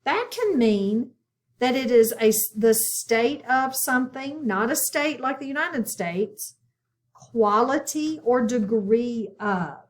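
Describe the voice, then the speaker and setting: Slow, patient woman phonics teacher. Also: on the high side, animated. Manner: encouraging, asks the class questions, repeats words slowly. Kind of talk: slow, patient classroom instruction.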